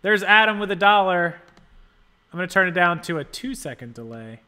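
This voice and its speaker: Hosting a casual livestream, a man rambles and thinks out loud while adjusting settings and thanking viewers for donations. His high-pitched voice is very animated, a little fast, sharp and smooth, with soft music playing in the background.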